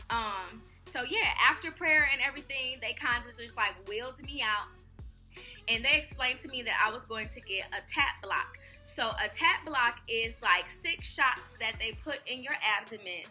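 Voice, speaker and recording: A young woman shares a chatty storytime as a vlogger, slipping into the voices of people she describes. Her voice is high and very bright. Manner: chatty, acts out quoted people. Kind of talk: casual storytime.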